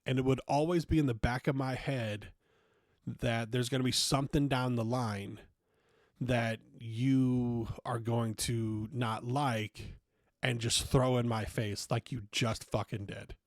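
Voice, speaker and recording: Speaking slowly with fairly even intonation, a young man on his podcast tells a personal anecdote in a crude, straightforward way, voicing the dialogue as he goes. His pitch is medium. It's a dry, studio-quality recording.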